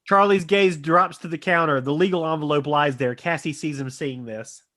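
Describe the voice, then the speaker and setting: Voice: medium pitch, normal speed, fairly bright tone. A person reading the stage directions aloud in a plain, matter-of-fact way.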